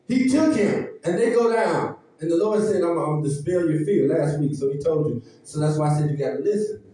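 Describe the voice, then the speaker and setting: A man with a high voice and a dark, mellow tone preaches to his congregation in an emphatic, folksy way. He is heard from some distance in a very echoey church sanctuary. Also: a little fast. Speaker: pastor. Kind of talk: sermon.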